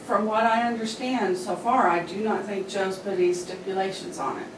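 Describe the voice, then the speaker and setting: A woman, a county official, calmly explaining procedures to a board at a public meeting. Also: mid-range voice, normal speed. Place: meeting room. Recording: echoey room, distant mic, background noise.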